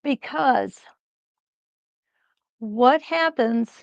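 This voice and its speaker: Woman, quilting instructor, calm step-by-step demo, very gravelly fry, dry close sound. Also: on the high side, no room sound, muffled recording. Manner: slow, reassuring, thinks aloud while sewing. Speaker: quilting instructor hosting a live quilt-along. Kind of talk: live step-by-step demonstration.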